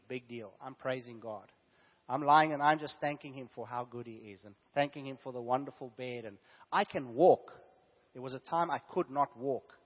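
A man preaching a sermon, sick with a fever and sore throat, swinging between hushed asides and loud emphatic exclamations. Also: mid-range voice. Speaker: pastor. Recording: echoey hall, dull lo-fi sound.

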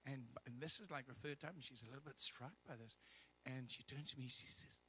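A man's voice: mid-range voice, a little fast, pushed and bright, slightly rough. A middle-aged man preaching as a guest speaker in a church, telling personal stories in a chatty, humorous way. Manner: chatty storytelling with humor and asides.

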